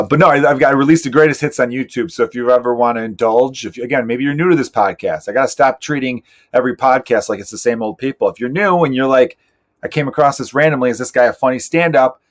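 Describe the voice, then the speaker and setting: A man in his thirties, a stand-up comedian hosting his own podcast, rambling in a profane, self-mocking, joking way. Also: mid-range voice. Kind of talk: casual solo podcast monologue.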